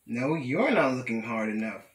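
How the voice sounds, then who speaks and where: Whiny lil skeleton commander, young guy reading, bright, echoey room. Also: lowish voice, normal speed. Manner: whining.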